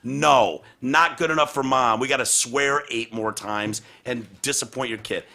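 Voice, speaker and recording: A podcast host chats casually in a medium-pitched voice with vocal fry, keeping a measured pace. He tells a story laced with swearing and acts out the people he quotes, a profane and animated storyteller.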